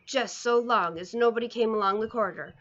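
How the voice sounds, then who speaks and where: A woman reading a children's book aloud, expressive, with small slips and restarts. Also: a little high, fairly quick, dull audio. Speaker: reader. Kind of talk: storybook read-aloud.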